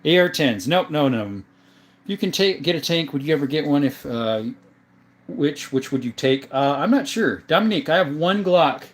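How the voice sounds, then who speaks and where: Male livestream host, slightly higher voice, relaxed chat-reading delivery. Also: moderate pace. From southern Arizona. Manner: relaxed, answers viewer questions one by one. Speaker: gun channel host reading live chat. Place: indoor room full of guns.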